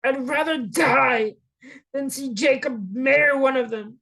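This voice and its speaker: A woman's voice: high voice, unhurried, vocal fry, a bit bright, full character voice, rough recording. A woman voicing an anxious mother who urgently tells her son to flee. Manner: urgent, insistent.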